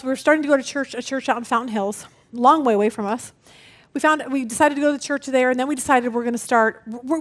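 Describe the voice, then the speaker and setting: High-voiced woman teaching Bible study. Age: middle-aged. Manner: expressive storytelling, acts out family voices.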